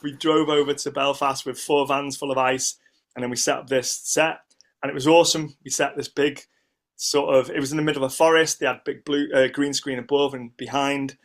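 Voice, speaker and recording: A middle-aged Englishman chatting as a podcast guest, telling animated stories in a voice of ordinary pitch. He rambles, restarts his sentences and acts out what other people said. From United Kingdom. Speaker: guest, ice sculptor. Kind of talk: casual interview storytelling.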